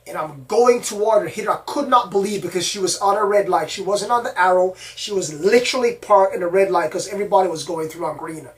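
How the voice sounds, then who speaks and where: High-voiced man telling a story from far off. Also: quick pace, hardly any pauses. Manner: rambling, repetitive retelling. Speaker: channel host. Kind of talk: first-person storytelling. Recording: distant mic, faint background noise.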